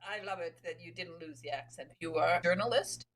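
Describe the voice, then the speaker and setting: A woman's voice: lowish voice, brisk, a bit bright. A woman hosting an interview on a video call, asking friendly questions. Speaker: host. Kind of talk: interview conversation.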